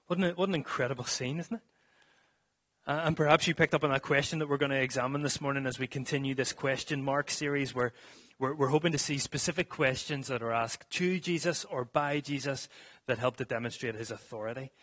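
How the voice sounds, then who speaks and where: A man's voice: medium pitch, a little fast, fairly bright tone. A man preaching a sermon to a congregation in a church, reading scripture and then explaining it earnestly, with some restarts.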